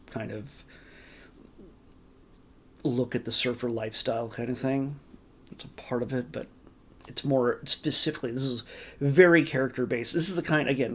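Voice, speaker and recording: A man casually reviewing a movie for his channel, rambling with lots of fillers, restarts and caveats. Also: medium pitch. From California. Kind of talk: casual spoken film review.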